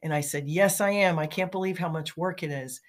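Low-voiced middle-aged woman telling stories. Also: brisk. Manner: chatty and anecdotal, with frequent fillers and laughs. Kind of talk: casual motivational storytelling.

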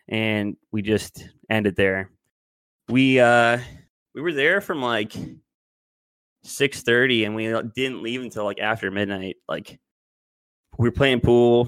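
A man's voice: medium pitch, a bit bright, clear, resonant tone, dry recording. A man in his twenties telling a long story in casual podcast chat, rambling and loose. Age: 20s. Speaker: podcast co-host.

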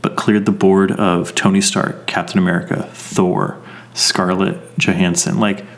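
A man with a fairly low voice co-hosts a podcast. He talks in casual chat, blunt and quick to swear as he runs through his complaints. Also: little pitch movement, gravelly. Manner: blunt, profane ranting. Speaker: podcast co-host. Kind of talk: casual movie review chat.

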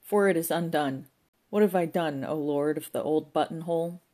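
A woman putting on a frantic pub landlord who wails his woes at the heavens in a loud, theatrical rush. His voice sits low and strains with melodrama. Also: moderate pace. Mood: wailing. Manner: wailing, melodramatic pleading.

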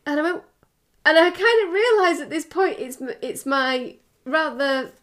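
A woman's voice: high-pitched, moderate pace, a bit bright. A middle-aged woman co-hosting a podcast, telling a story with animation and laughing often. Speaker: podcast co-host. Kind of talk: casual chat.

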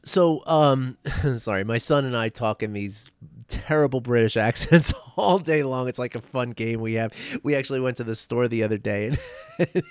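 A man's voice: mid-range voice, no room sound. Chatty man, dry close sound. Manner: chatty, many "right?" tags and self-restarts. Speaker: meditation teacher. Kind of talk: casual motivational talk.

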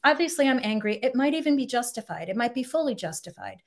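Higher-voiced woman therapist explaining. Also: big pitch swings, fast talker, creaky. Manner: warm explanatory, acts out example quotes. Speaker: couples therapist, guest. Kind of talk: podcast interview, explaining.

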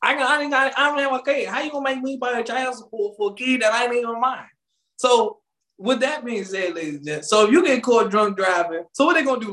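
A man's voice: very high-pitched, fast, pushed and bright. A man co-hosting a casual talk show, joking and acting out little scenes. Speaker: radio show co-host. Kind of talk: casual podcast banter. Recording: roomy echo.

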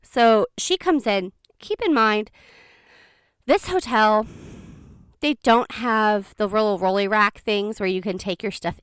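A woman telling a personal story in a chatty, expressive way, speeding up in quick bursts. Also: a little high, smooth, no echo, clean studio sound. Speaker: vlogger. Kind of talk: casual storytime.

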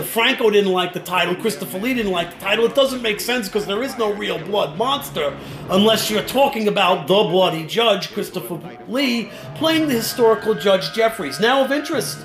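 A man with a New York accent chatting on a film commentary track, halting and restarting often. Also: sits high, fairly bright tone. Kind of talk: casual commentary-track chat. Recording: echoey room with faint music.

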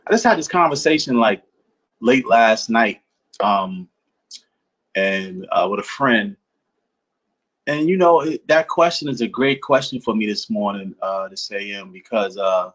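Jersey guy on a podcast, chill and thoughtful, kinda muffled audio. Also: medium pitch. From Newark, New Jersey. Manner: relaxed, reflective, many fillers and restarts. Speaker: interview guest. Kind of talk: casual conversation.

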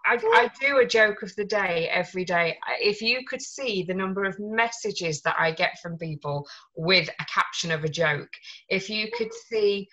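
A woman's voice: mid-range voice, bright, forceful tone, highs cut off. A woman, a guest on a podcast, chatting in a bubbly, jokey way and laughing often. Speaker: podcast guest, small business owner. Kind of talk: casual chat.

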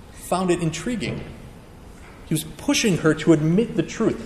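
Male preacher, earnest, emphatic, slightly high voice, roomy reverb. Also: a little mellow, slight background noise. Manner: earnest, emphatic teaching with acted-out quotes. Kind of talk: sermon. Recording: echoey hall with long reverb.

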